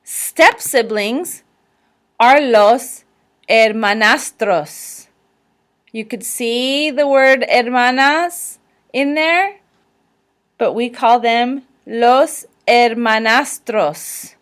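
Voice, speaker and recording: A woman with a fairly high voice teaches vocabulary in a recorded slideshow lesson. She talks slowly and carefully, stopping often so listeners can repeat after her. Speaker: language teacher.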